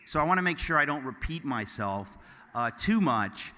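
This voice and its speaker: Bright-voiced man joking to a hall. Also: on the high side, normal speed. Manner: deadpan mock-offensive jokes, then earnest and rambling. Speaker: keynote speaker. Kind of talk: joking, loose speech to a live audience. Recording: long hall reverb.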